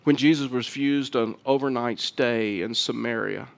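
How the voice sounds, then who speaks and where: A man preaching a sermon as pastor, earnest, with frequent restarts, growing louder and quicker toward the close. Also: mid-range voice, gravelly.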